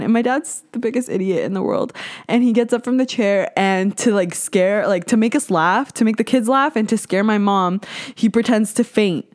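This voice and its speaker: Candid, swearing young woman podcast host. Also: darkish tone. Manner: candid, swears freely, mimics others with high squeaky voices. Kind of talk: casual solo podcast chat.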